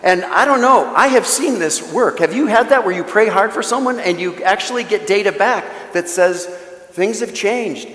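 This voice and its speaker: A man's voice: high voice, lively intonation, moderate pace, fairly bright tone. A man giving a conversational talk at a parish mission, telling stories and making joking asides to the audience. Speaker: guest speaker at a parish mission. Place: church. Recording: echoey church with long reverb.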